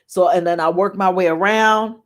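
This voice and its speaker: A woman, hosting a spiritual talk show from her home on camera, talking in a chatty, excitable way and often laughing. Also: lowish voice, normal speed. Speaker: spiritual podcast host. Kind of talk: casual chat, reading aloud and teaching.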